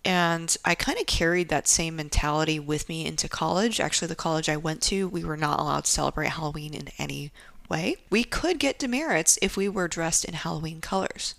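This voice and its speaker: Wry, candid woman with a low voice. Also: fairly quick, vocal fry, no echo. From Japan. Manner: candid, wry, lively storytelling with laughs and asides. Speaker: podcast host. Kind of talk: casual storytelling monologue.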